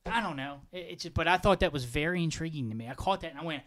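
Excitable man rambling about football. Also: fast talker. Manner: excitable, rambling, pitch jumps when animated. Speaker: podcast co-host. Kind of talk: casual sports chat.

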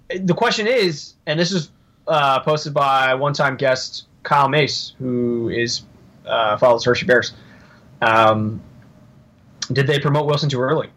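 A man co-hosting a podcast in casual chat, rambling and joking as he thinks out loud. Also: mid-range voice. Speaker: podcast co-host.

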